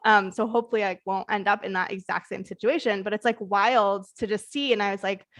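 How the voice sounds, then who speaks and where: A woman's voice: medium pitch, fairly even intonation, fairly quick, fairly bright tone. A woman co-hosting a podcast in casual chat, rambling and reflective, with frequent "like" fillers. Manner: rambling, many "like" fillers, laughs easily. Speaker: podcast co-host.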